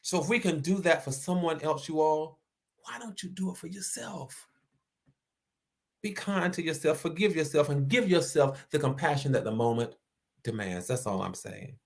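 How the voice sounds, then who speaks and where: A man's voice: on the high side, moderate pace, creaky, darkish tone. A man from the American South with a Southern accent, hosting a motivational live-stream talk, earnest and repeating his key phrases. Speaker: host.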